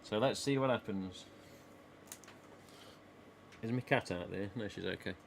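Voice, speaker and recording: His voice is fairly low and gravelly with a measured pace, and a little hiss or hum runs underneath. The man, who has an English East Midlands accent, live streams from a small home office, rambling casually with viewers and laughing frequently.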